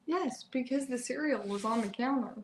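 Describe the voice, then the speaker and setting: A woman's voice: high-pitched, moderate pace. Chatty woman telling family stories. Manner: chatty storyteller, laughs often. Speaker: family vlogger, mother. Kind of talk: casual live chat with viewers.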